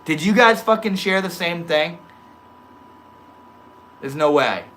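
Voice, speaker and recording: Young dude streaming from his room, reads chat out loud, mellow mumbles then gets loud and hyped, bright kinda sharp voice, faint hum behind. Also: a little high, takes it slowly. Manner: reads chat comments aloud, swings between soft murmurs and loud excited outbursts; swears casually, laid-back stoner slang. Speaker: livestream host reading chat. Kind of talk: casual livestream chat.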